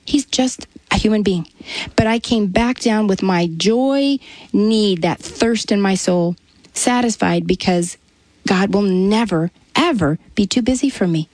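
A woman's voice: mid-range voice, unhurried, no echo, low-quality recording. Earnest woman telling a story. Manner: earnest storytelling, animated when quoting others. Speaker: author and guest. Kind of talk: conversational interview.

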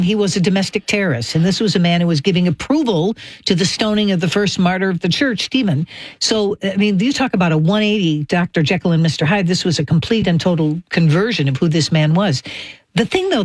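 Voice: mid-range voice, no room sound. A radio talk show host interviewing an author, speaking with emphatic enthusiasm.

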